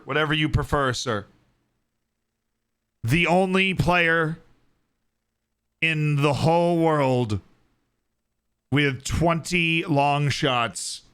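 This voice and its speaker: A man streaming a football management game, chatting to his viewers in an excitable way and laughing often. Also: on the high side, drawn-out words, pauses often, clear, resonant tone. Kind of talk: casual live-stream chat.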